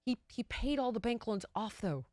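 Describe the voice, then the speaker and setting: A woman hosts her show with opinionated political commentary. Her pitch swings widely as she presses her points. She sounds exasperated, asks rhetorical questions, and is recorded close and dry. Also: animated, normal speed, darkish tone, dry recording. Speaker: show host.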